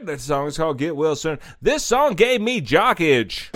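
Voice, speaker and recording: A man hosting a radio show, roasting the songs he plays with crude, sarcastic humor. His pitch swings wildly between booming jabs and low mutters, and his voice sits a bit high for a man. The recording is dry and close. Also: big pitch swings, a little slow, a bit bright, dry recording. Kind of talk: comedic music review rant.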